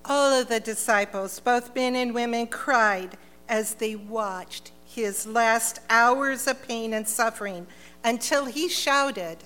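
A woman narrating an Easter church drama in a solemn, measured way. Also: a little high, fairly bright tone, in a large hall. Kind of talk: scripted narration.

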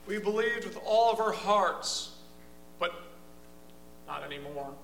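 A man playing a gravelly, disillusioned disciple. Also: sits high, lively intonation, takes it slowly, a bit bright, reverberant, slight background noise, full character voice, poor audio. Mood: bitter. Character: disillusioned male disciple, bitter and grieving. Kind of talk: church drama acting.

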